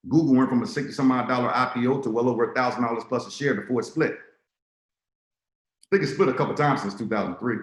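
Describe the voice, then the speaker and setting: A man's voice: medium pitch, brisk, reverberant. A man giving a motivational sales talk on a video call, telling stories and acting out dialogue in quotes. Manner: storytelling, acts out dialogue in quotes. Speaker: speaker on a business call.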